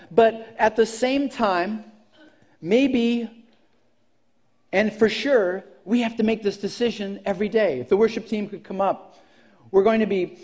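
A man's voice: sits high, darkish tone. A man preaching a sermon in a church, telling a story with frequent restarts. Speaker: pastor.

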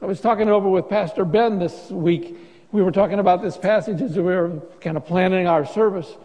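A pastor speaks to his congregation in a high yet mellow voice, joking easily and doubling back on his words. His sermon carries through a church that rings with long reverb. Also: fairly quick. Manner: conversational, joking preaching with restarts.

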